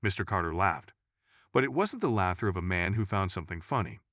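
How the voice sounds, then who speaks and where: A man narrating a dramatic courtroom story in a suspenseful, measured reading. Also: low-pitched, lively intonation, a bit bright, no room sound, clean studio sound.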